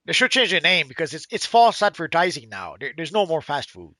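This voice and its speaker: A man from Canada chatting casually on a stream, often pausing and restarting his sentences. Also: on the high side, huge pitch swings, pushed and bright. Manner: hesitant, stumbling restarts.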